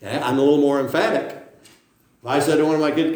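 Middle-aged pastor, male, forceful sermon delivery, slightly high voice, very reverberant room. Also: quick pace. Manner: emphatic, rhetorical questions, frequent "okay?" tags. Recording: very echoey room.

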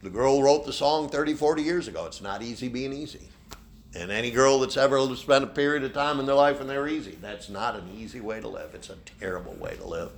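A man's voice: medium pitch, fast, slight background noise. A man preaching a sermon as pastor, who often ends his points with a questioning "okay?". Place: church.

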